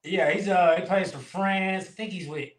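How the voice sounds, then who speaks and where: A man's voice: high-pitched, moderate pace. A young man who is the guest on a casual chat, talking in a laid-back way and often saying "bro.".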